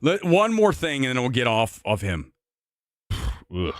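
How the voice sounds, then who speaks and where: A man's voice: medium pitch, sing-song, takes it slowly, no echo, studio quality. A man hosting a live movie-talk stream, ranting in a brash, profane, mocking way.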